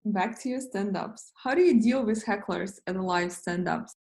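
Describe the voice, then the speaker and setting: Lady interviewer asking short questions, mid pitch, echoey room. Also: moderate pace, darkish tone. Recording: echoey, off-mic sound.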